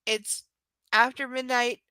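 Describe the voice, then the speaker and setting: A woman's voice: fairly high pitch, little pitch movement, slow pace, sharp tone, clear, resonant tone, no room sound, poor audio. A young woman with a stuffy, nasal voice, hosting a live book-reading stream. She talks in a tired, rambling, affectionate and self-deprecating way. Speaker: livestream host reading a book aloud. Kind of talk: casual live-stream chat.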